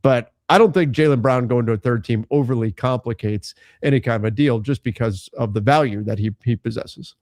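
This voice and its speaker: A man co-hosting a casual basketball podcast, talking in an animated, teasing way. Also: medium pitch, brisk, hardly any pauses, no echo, clean studio sound. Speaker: co-host.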